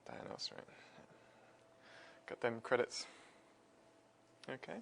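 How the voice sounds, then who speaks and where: A man's voice: slow pace, a bit bright, a little hiss or hum. A man presenting a science livestream on a wireless mic, chatting casually, self-deprecating and laughing often. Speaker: presenter and physicist.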